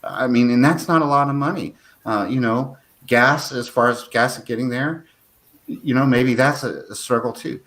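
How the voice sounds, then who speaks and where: A man hosting a talk show, speaking in a halting, easygoing way with many fillers. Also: medium pitch, a bit bright, rough recording. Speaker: host. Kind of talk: casual chat.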